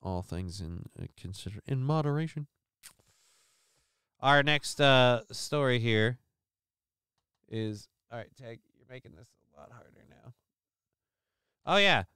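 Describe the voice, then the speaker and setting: A man's voice: mid-range voice, expressive, a little slow, long pauses, bright, forceful tone, clean tone, dry recording. Guy hosting a stream, super clean voice, dead dry sound, swears and rambles, sarcastic. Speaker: live stream show host. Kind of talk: casual live-stream commentary reading news.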